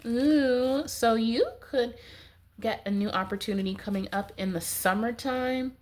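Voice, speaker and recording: A woman's voice: on the high side, measured pace, darkish tone. A woman with a stuffy, nasal voice giving a casual tarot reading, rambling with many "like"s. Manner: rambling, heavy use of "like". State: stuffy nose, congested. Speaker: tarot reader.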